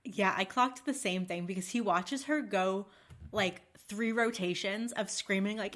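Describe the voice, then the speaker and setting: A woman co-hosting a podcast in casual chat, with a voice of middling pitch. She talks emphatically and swears now and then. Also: measured pace, a bit bright. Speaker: podcast co-host.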